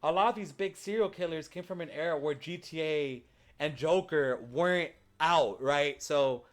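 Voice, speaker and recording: A man's voice: a little high, moderate pace. A man hosting a podcast in casual chat, loose and rambling with lots of fillers. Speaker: podcast host.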